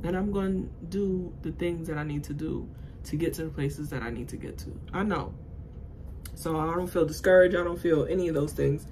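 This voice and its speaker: A woman chatting casually to viewers in a fitness vlog, animated and out of breath, with sudden high exclamations. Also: moderate pace, background noise. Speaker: fitness vlogger. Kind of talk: casual vlog chat to camera.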